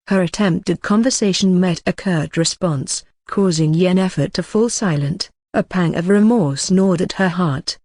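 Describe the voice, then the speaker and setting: A synthetic-sounding narrator giving an even, unhurried scripted reading of a web novel. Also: medium pitch, no echo. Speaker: audiobook narrator.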